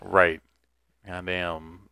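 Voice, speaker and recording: A man's voice: deep voice, flat delivery, drawn-out words, vocal fry, sharp tone, smooth, no room sound. A man, co-hosting a casual podcast and telling stories in a laid-back, profane way with frequent laughs. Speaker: podcast co-host. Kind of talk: casual chat.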